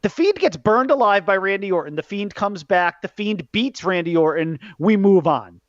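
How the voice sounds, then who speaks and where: A man hosting a podcast, ranting in a casual, profane way about a wrestling event, jumping between loud outbursts and low muttering. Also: expressive, moderate pace, no echo. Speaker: podcast host. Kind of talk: casual wrestling recap rant. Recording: dull lo-fi podcast mic.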